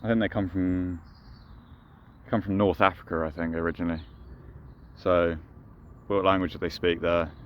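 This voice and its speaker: Deep-voiced man rambling outdoors. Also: fairly even intonation, moderate pace, pauses often, highs cut off. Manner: rambling, jokey, talks to the ducks. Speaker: vlogger. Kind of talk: casual outdoor vlog. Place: outdoors by a pond. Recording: noisy outdoor street sound.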